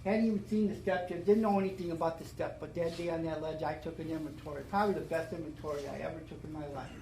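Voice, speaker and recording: A man's voice: on the high side, steady tone, fast, creaky, mellow, echoey room, a little hiss or hum, poor audio. An older man giving an emotional recovery talk at a meeting, stumbling and restarting as he tells his story. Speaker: AA speaker.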